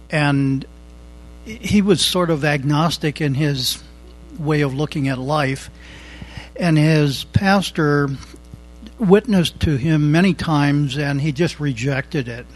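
A man with a voice pitched a little above usual tells a long, earnest story in an unhurried way, pausing as he goes. He is calling in and asking for advice. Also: low-quality recording. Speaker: caller asking a question. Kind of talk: telling a personal story.

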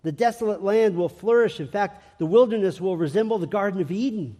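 A man preaching a sermon as pastor in a church, emphatic and stressing his points with slow, repeated phrases. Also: high-pitched, dark tone, long reverb tail.

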